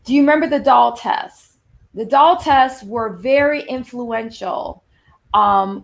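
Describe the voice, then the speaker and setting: A woman in her fifties with a Southern accent, giving an animated presentation with emphatic shifts in pace. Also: medium pitch. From Long Island, New York. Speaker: speaker on workplace anti-racism. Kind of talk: presentation to an audience.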